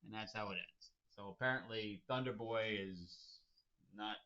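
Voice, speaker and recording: A man's voice: on the low side, measured pace, bright, forceful tone. A man hosting a casual comic review, rambling and amused, with chuckling asides. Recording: dull lo-fi recording.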